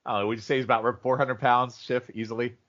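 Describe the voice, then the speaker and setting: Podcast dude rambling thru a story, mid pitch, kinda muffled lo-fi sound. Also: male voice, fairly quick. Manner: animated storyteller, mimics people in funny voices. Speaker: podcast co-host. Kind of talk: casual chat. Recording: dull lo-fi audio.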